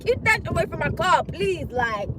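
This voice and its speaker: High, lively woman streaming from her car. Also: normal speed, background noise. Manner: animated, swears and shrieks in alarm at the road; talks straight to viewers. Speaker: livestreamer. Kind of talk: casual livestream chat.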